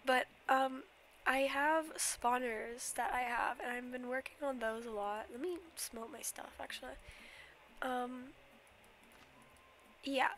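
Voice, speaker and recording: Young female streamer, slightly sick; high, chatty, apologetic delivery over a faint background hum. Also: steady tone, takes it slowly, pauses often, a bit bright. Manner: chatty, giggly, apologetic, rambling with many fillers. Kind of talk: casual Minecraft stream tour.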